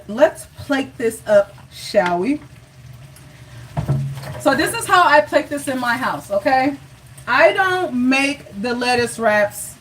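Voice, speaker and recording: A woman's voice: high voice, fairly bright tone, far from the mic, a little hiss or hum, rough recording. A woman hosting a live cooking show, chatty and encouraging, talking straight to her viewers.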